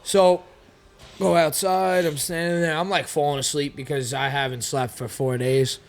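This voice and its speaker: A young man telling a story in a casual podcast chat, animated and rambling, with a lot of swearing. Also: a little high, normal speed. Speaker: podcast guest, fighter.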